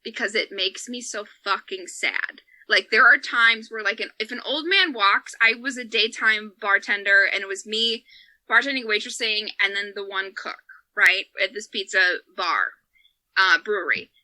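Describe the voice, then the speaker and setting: A woman's voice: mid-range voice, moderate pace, pushed and bright, no echo. A woman comedian telling a story on a podcast, swearing freely and laughing as she talks. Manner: profane, laughing, emotional storyteller. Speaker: comedian and former bartender. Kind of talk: animated comic storytelling on a podcast.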